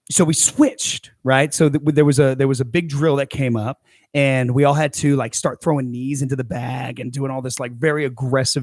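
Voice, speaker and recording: A man's voice: medium pitch, darkish tone, no echo, studio quality. A young adult man co-hosting a podcast, telling a rambling story full of restarts and fillers. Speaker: podcast co-host, coach. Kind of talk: casual chat.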